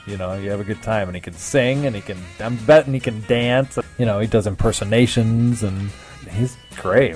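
A man's voice: fairly low pitch, darkish tone. A man co-hosting a podcast, chatting about his castmates in a laid-back, joking way. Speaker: podcast co-host, tech operator. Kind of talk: casual interview remarks.

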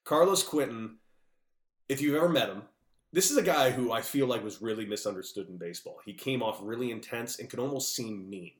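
A man, a former ball player, telling stories casually on a podcast over a remote call and acting out the dialogue with lively energy. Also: medium pitch, fairly quick, reverberant. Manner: animated, jokey, acts out dialogue. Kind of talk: casual storytelling.

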